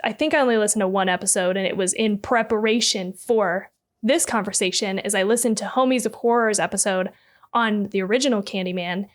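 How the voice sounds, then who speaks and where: A woman's voice: medium pitch, fairly even intonation, fast talker. A woman co-hosting a casual horror-movie podcast, giggly and rambling, with many fillers. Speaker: podcast co-host. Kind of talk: casual chat.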